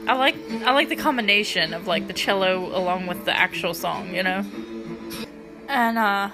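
A woman's voice: mid-range voice, moderate pace, music in the background. A young woman casually recapping a movie scene by scene, chatty and gushing, filling her talk with "like" and laughing between lines, close to tears. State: teary, close to crying. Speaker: movie reviewer.

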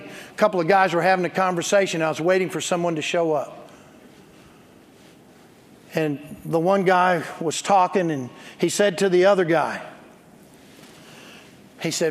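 A man's voice: high-pitched, moderate pace, pauses often. A man preaching a sermon as pastor, emphatic and calling for responses from the congregation, with joking storytelling asides. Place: church sanctuary. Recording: long hall reverb.

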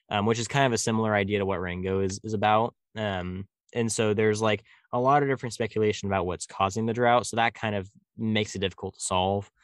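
In a casual, rambling chat full of fillers, a rural Californian man speaks with a slight country drawl. His voice is lowish, and the recording is dry with clean studio sound.

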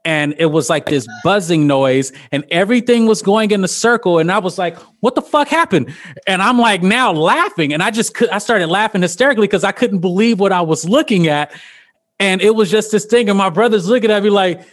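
A woman in her thirties, a podcast guest telling stories in casual chat, animated and profane, laughing often. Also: mid-range voice, fairly quick. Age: 30s.

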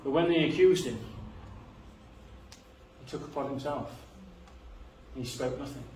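A man preaching a sermon, earnest, moving between quiet reflective passages and rising emphasis. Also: medium pitch, unhurried, a little hiss or hum. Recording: echoey room, voice a bit far from the mic.

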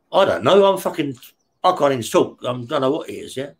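A man, mid-pitched, telling a story in plain, coarse words. He swears all the time and keeps checking in with his listener, talking in short bursts. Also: big pitch swings, a little fast, gravelly, husky. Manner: blunt, heavy swearing, keeps checking with "yeah?". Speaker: interview guest recounting prison life. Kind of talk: casual storytelling.

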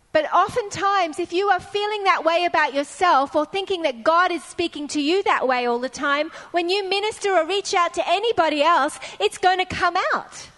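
A middle-aged woman delivers a sermon in an earnest, storytelling way, hammering points home with repeated phrases. Her voice sits high. The sound rings with the long reverb of a large church hall. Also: fairly bright tone. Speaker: preacher.

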